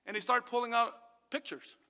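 A man preaching a sermon as pastor, telling a personal testimony in an animated way, dropping to a hush and then rising loud. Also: extremely high pitch, a little fast, smooth, long reverb tail. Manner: animated storytelling, swings from hushed to loud.

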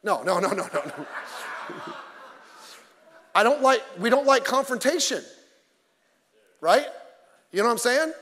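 A man's voice: very high-pitched, big pitch swings, measured pace, pauses often, sharp tone, long reverb tail. A male pastor preaching a sermon in an emphatic, conversational way, mixing in self-deprecating jokes.

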